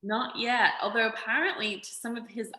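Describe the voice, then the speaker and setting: Bright, chatty Australian woman. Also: fairly high pitch, steady tone, moderate pace, reverberant. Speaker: actress guest. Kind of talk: casual interview chat.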